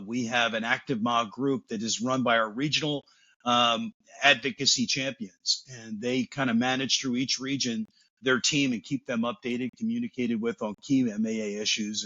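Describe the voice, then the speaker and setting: A man's voice: medium pitch, bright, forceful tone, lo-fi sound. A man co-hosting a podcast, asking rambling, hesitant questions. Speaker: podcast co-host.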